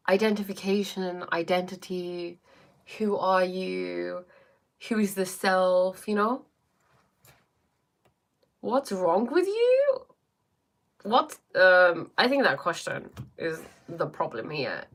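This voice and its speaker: A woman life coach in casual livestream chat, talking fast and thinking aloud as she answers viewers. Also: fairly low pitch, fairly bright tone.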